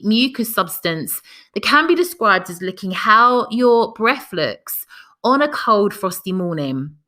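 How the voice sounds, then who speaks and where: A woman's voice: medium pitch, bright, forceful tone. A woman hosting a podcast, reading a scripted history narration and breaking off for chatty personal comments. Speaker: podcast host.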